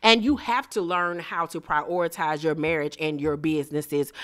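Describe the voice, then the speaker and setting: Woman, 40s, low-pitched voice, dry close sound, sassy and profane recap vlogger. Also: a bit bright, smooth, dry recording. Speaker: vlogger recapping a reality show. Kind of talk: casual recap commentary.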